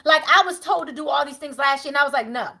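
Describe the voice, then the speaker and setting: A middle-aged woman reads tarot live for her viewers, her voice high and bright. She preaches with animated swings, from loud outbursts down to hushed prayer, and talks casually and bluntly. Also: fast talker, gravelly. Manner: casual, outspoken, swears freely. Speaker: tarot reader.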